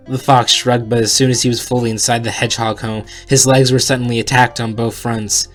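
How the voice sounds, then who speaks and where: A man's voice: mid-range voice, level tone, fairly quick, few pauses, soft background music. A man reading a fan story aloud in a casual way, with joking asides.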